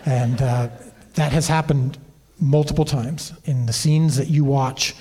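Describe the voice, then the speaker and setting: A man's voice: mid-range voice, a little slow, breathy edge. A man telling behind-the-scenes stories as an interview guest on a convention stage, with many restarts. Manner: animated anecdotes with frequent restarts. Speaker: TV series creator and director, interview guest.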